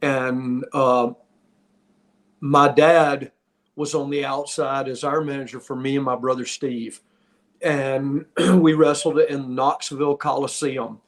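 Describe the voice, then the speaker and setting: A man's voice: medium pitch, level tone, slow pace. A middle-aged man hosting a podcast, telling wrestling stories in a casual, rambling way with many restarts. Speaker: podcast host, former pro wrestler. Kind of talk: casual storytelling.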